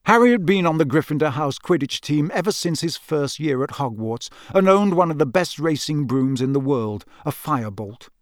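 A man narrating a novel in an even, measured manner. His voice sits a little high. The recording is close and dry. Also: no echo. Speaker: audiobook narrator. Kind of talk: scripted narration.

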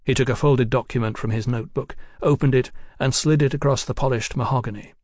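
Steady male audiobook narrator, dry mic. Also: mid-range voice, fairly quick, no echo.

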